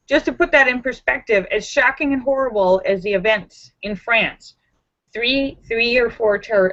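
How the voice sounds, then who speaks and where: A woman hosting a casual live-stream chat, talking in an animated, emphatic, sassy way. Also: mid-range voice, muffled recording. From Los Angeles area. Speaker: livestream host.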